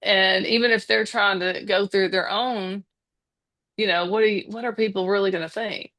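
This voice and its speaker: A woman's voice: mid-range voice, steady tone, normal speed, a bit bright. A woman in her fifties with a Southern American accent, talking as a podcast guest in a hesitant way, full of restarts and fillers. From Southern United States. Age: 50s. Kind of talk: casual conversation.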